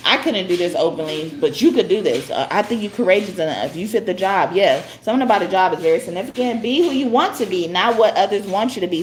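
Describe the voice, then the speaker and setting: Chatty woman reading cards live, lowish voice. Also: slight background noise. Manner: chatty, tags lines with "okay?", laughs often. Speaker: tarot card reader. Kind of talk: live spiritual card reading.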